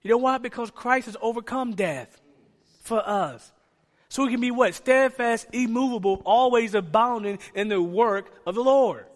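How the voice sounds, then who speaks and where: Pastor guy with a really high voice preaching hard, lots of "you know why?" to the crowd, long hall echo on it. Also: normal speed. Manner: emphatic preaching, rhetorical questions to the congregation. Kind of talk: sermon.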